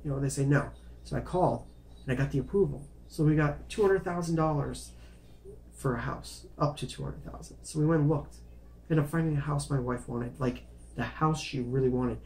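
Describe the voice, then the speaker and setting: A vlogger with a fairly quick, slightly mellow voice on the high side tells his life story to camera. He rambles casually, repeats words, starts phrases over, and apologizes for going off track.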